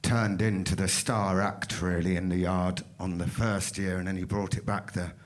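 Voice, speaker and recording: A man's voice: sits low, flat delivery, moderate pace. A man co-hosting a memorial show, chatting casually on stage.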